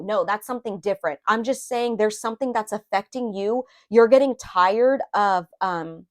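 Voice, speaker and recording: A tarot reader with a fairly high-pitched voice gives a casual spoken reading. She rambles and confides, stumbling through fillers and restarts, and openly shows emotion about her own feelings.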